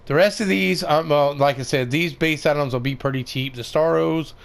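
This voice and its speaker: A man's voice: fairly high pitch, normal speed, creaky. A man giving casual, rambling commentary over a game tutorial, with many fillers and restarts. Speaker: gaming video creator.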